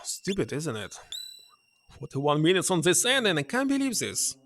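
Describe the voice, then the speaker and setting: A man streaming a game, reading its text aloud and thinking out loud in hesitant English, which is not his first language. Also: a little high, wildly swooping pitch, moderate pace, slight background noise.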